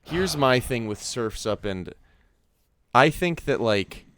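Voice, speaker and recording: A man's voice: medium pitch, lively intonation, takes it slowly, fairly bright tone. A young man co-hosting a movie podcast, chatting casually and rambling with lots of filler words. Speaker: podcast co-host. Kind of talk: casual chat.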